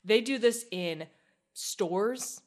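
A woman co-hosting a podcast, telling stories in a casual, animated way and acting out what people said. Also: medium pitch, very slow. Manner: animated storyteller, acts out quotes. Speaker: podcast co-host. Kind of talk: casual chat.

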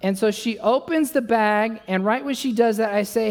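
A young adult man preaching a sermon, telling a self-mocking story and acting out the dialogue with lively energy. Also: high-pitched, moderate pace, few pauses. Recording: long reverb of a large hall.

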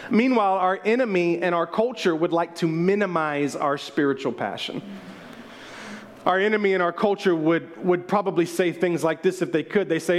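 A middle-aged male pastor preaching in a church, his voice riding high for a man. He speaks with real passion and swells toward near shouting as he drives his points home. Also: moderate pace. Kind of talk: sermon. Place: church sanctuary.

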